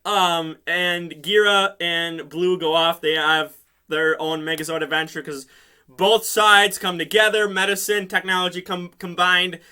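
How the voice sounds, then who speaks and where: A man casually recapping a TV episode in an excitable, rambling way, laughing often and using lots of fillers. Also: sits high, measured pace, clean tone. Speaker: show reviewer.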